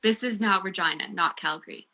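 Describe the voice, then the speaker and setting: A woman, a guest and bereaved mother, telling a personal story in casual chat, earnest and animated with many fillers. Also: medium pitch, brisk. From Canada.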